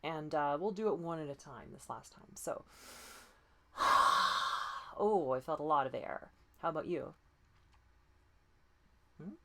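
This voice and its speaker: A woman voice coach leading breathing and pitch exercises, patient and encouraging, often demonstrating breathy sighs. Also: animated, moderate pace, long pauses, background noise. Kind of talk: guided voice exercise lesson.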